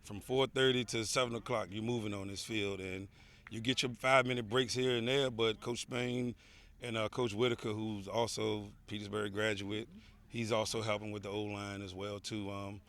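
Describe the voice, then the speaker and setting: A man, a high school head football coach, giving an earnest outdoor interview at practice, often saying "you know" and repeating words. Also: flat delivery, normal speed, a bit bright. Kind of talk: on-field interview.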